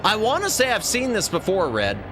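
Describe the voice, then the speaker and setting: A male VTuber chats his way through a game stream. His voice sits high and swings widely as he exclaims at the screen. Game music plays under his commentary. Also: huge pitch swings, a little fast. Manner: chatty, reactive, exclamatory.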